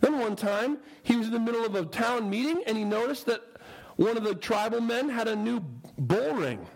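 A man's voice: very high voice, normal speed, gravelly, poor audio. A male preacher telling a humorous story in a sermon and asking his listeners questions. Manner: animated, humorous, asks the audience questions.

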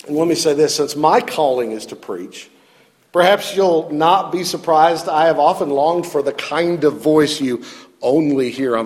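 A man's voice: a little high, darkish tone, long reverb tail. A male pastor preaching a sermon in an earnest, self-deprecating way, often repeating words as he stresses a point.

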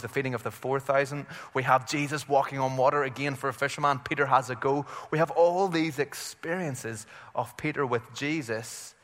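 A man's voice: mid-range voice, bright, forceful tone, long reverb tail. A man with an Irish accent preaching a conversational sermon, with frequent fillers and restarts as he retells a scripture story.

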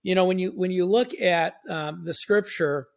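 A man's voice: high voice, normal speed, vocal fry. A man hosting a short devotional, reading scripture aloud and explaining it in an earnest, conversational way with frequent restarts. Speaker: podcast host and Bible teacher.

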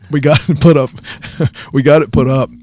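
A man's voice: on the high side, fairly even intonation, measured pace, a little mellow. A man in his forties co-hosting a casual church podcast, rambling and chatty, laughing often as he tells stories. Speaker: podcast co-host. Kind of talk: casual chat.

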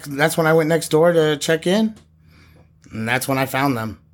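An actor playing a young male aspiring chef who witnessed a crime, speaking in a halting, casual way with many fillers. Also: a little high, natural voice. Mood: rattled. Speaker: eyewitness.

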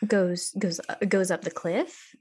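A woman playing her character in a tabletop game, polite and gentle, often laughing. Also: lowish voice, a little slow, husky. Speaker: player. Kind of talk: tabletop role-play.

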